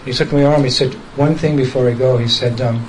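A man recounts an old memory in an easy conversational voice at an ordinary middle pitch. He often laughs softly and slips into the words of the people he describes. A faint bed of noise sits under the recording. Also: steady tone, fairly quick, rough recording. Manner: chuckles often while telling, quotes others directly. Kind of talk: casual storytelling talk.

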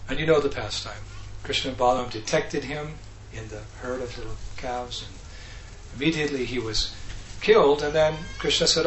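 A man gives a devotional talk in a medium-pitched voice. He tells stories with animation, putting on voices and laughing along the way. His voice carries in an echoey room with faint ambient noise. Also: normal speed. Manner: animated, acts out characters, laughs often. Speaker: speaker.

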